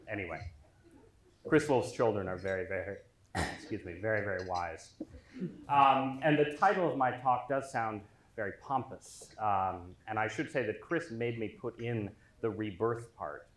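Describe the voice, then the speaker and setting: A man's voice: on the low side, moderate pace. A man giving an after-dinner lecture to a dinner crowd, joking at his own expense and leaning on ums. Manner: self-deprecating, joking, with filler ums. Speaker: featured dinner speaker. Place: large dining hall. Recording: echoey hall with faint noise.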